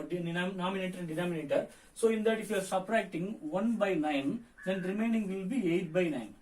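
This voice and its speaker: A hoarse man with a high voice works through fractions step by step in a lesson, repeating each figure as he goes. His voice sits a little away from the microphone, so it sounds distant. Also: a little mellow. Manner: repetitive step-by-step explaining. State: hoarse from fever. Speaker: teacher. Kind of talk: accountancy lesson.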